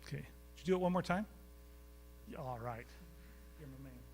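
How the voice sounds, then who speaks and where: Against a noisy background, a man of medium pitch speaks briskly as a guest lecturer in a college recital hall. He shares chatty anecdotes with the live audience and keeps quizzing them.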